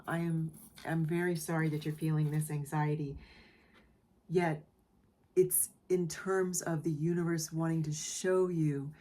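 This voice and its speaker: A woman giving a collective tarot reading in a soft, emotional way, often repeating phrases and checking in with the listener. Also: low-pitched. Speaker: tarot reader. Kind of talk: gentle spoken tarot reading.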